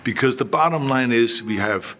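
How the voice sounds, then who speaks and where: A man in his sixties with an Austrian accent, speaking as an interview guest in a middle pitch. He tells animated stories, slipping into quoted lines from others. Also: moderate pace. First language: German. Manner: animated anecdotes with quoted voices. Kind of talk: storytelling interview.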